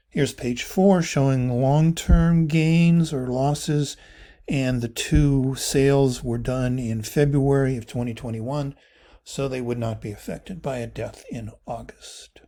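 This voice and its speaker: A man's voice: mid-range voice, mellow. A man walking through a tax preparation case in a recorded training video, explaining step by step in a methodical way and correcting himself now and then.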